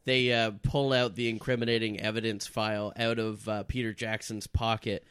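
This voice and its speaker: A man's voice: on the low side, little pitch movement, moderate pace, a bit bright, clean tone, dry recording, clean studio sound. A man narrating improvised comedy scenes in a casual way, with fillers.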